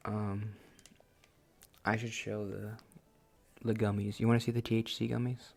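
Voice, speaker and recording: A man's voice: fairly low pitch, steady tone, normal speed, gravelly, pauses often, a little mellow. A man in his late twenties hosting a gaming channel, rambling casually and self-deprecatingly, often laughing at himself. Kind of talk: casual let's-play chat.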